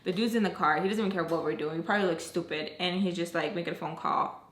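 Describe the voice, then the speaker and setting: A woman vlogger telling a storytime while doing her makeup, animated and full of fillers and swearing. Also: fairly low pitch, fast, roomy sound. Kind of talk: storytime vlog.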